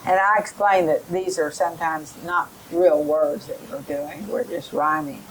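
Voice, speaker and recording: A middle-aged woman giving a teacher training lesson, explaining in a slow, careful way and modelling rhyming drills for children. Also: deep voice, a little hiss or hum, poor audio.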